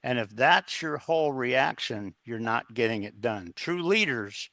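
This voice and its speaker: Bright-voiced man telling a story. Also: mid-range voice, animated, a little slow, no echo. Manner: earnest, anecdotal, quotes others in dialogue. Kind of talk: casual interview storytelling.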